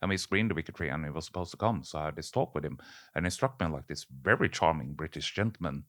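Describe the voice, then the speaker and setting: A man with a very low voice interviews a filmmaker. His tone is bright and forceful. He asks hesitant questions, restarts his sentences, and murmurs agreement often. The recording is close and dry. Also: expressive, quick pace, no echo.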